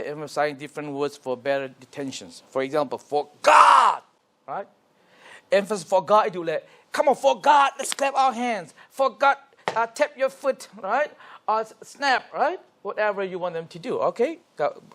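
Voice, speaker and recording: A man's voice: a little high, fairly bright tone. Man, Mizo accent, pastor, interactive teaching, prompts repeat-after-me. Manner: asks questions, prompts group to repeat and clap. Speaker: pastor leading a teacher training. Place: church classroom.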